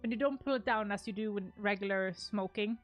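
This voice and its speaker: A woman's voice: medium pitch, fairly quick, faint music behind. A young woman chatting casually on a live stream, gushing and rambling as she shows her wedding photos, laughing often.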